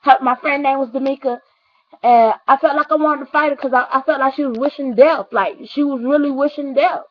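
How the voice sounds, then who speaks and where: A woman's voice: sits high, steady tone, a little fast. A young woman telling a personal story to her viewers, earnest and rambling, often repeating herself and talking straight to the audience. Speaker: vlogger. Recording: dull lo-fi recording.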